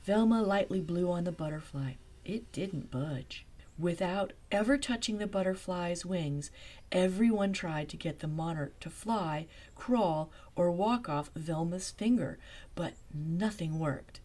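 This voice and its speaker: A woman softly narrating a bedtime story, hushed and dreamy, sometimes dropping to a whisper. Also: fairly low pitch, a little slow.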